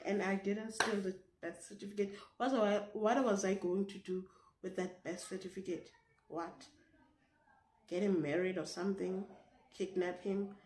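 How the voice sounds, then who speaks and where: A woman's voice: medium pitch, normal speed. Indignant South African woman telling a story. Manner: animated, indignant, swears freely. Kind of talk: casual storytime vlog. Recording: echoey room, faint noise.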